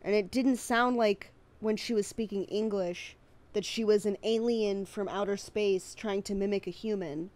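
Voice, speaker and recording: A woman co-hosting a casual game review, making her case with opinions and playful asides. Her voice sits at an average pitch. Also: fairly even intonation, moderate pace, a little mellow. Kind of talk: casual chat.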